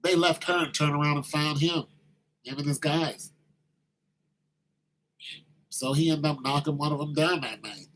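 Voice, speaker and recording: A man telling a story in a casual monologue, animated and slangy, acting out the quoted voices. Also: fairly high pitch, unhurried, long pauses, a little hiss or hum, poor audio.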